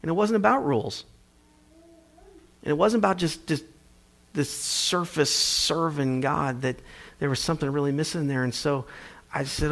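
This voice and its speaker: A man's voice: a little high, moderate pace, fairly bright tone. A man preaching a sermon, telling a personal story in a conversational, emphatic way. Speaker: pastor.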